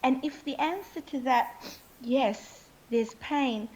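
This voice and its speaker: An interview guest, this woman speaks in an earnest, impassioned way and keeps asking "okay?". Her voice is high-pitched and a little mellow, and she takes her time. The recording is rough.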